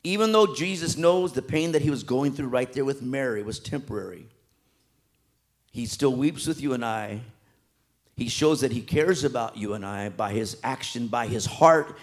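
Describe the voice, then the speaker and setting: A man preaching a sermon with passion, swinging between loud emphatic peaks and hushed soft passages, in colloquial everyday speech. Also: medium pitch, normal speed. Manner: colloquial, with repetitions and restarts.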